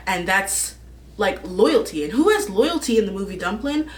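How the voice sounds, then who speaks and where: A woman's voice: medium pitch, animated, normal speed. Young woman, casual vlog talk, gushing, rambling, slightly far from the mic. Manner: gushing, rambling, laughs often. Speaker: vlogger. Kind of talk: casual fan casting chat.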